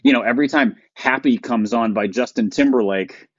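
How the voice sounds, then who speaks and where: A man's voice: medium pitch, moderate pace, slightly rough, dry recording. A middle-aged man co-hosting a podcast in casual chat, telling stories in a dry, wry way. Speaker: podcast co-host. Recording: dry, slightly dull sound.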